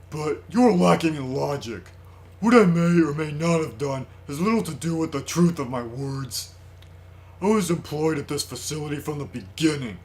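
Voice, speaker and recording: A man playing a sinister bird doctor villain, smug, measured, slow delivery, raised pitch, game dialogue. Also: a little mellow, lightly acted. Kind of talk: reading game dialogue aloud.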